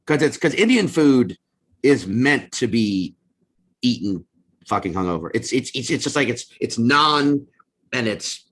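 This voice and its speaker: A man appearing as a comedian guest on a podcast, talking in an animated way with frequent restarts. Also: medium pitch, unhurried. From US South. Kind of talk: casual chat.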